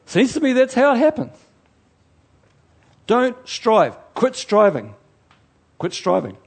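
A man preaching a sermon in an animated way, swinging from loud outbursts to quiet asides, chatty and joking at his own expense. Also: very high voice, slow, gravelly, slightly rough. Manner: chatty, self-mocking and joking.

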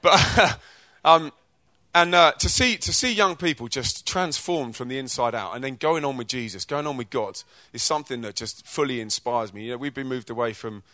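A man from England, telling energetic, chatty stories about his charity work to a church audience, with slang and quick restarts. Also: mid-range voice, no echo. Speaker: Christian rapper and charity co-director. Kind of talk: informal testimony talk to a church audience.

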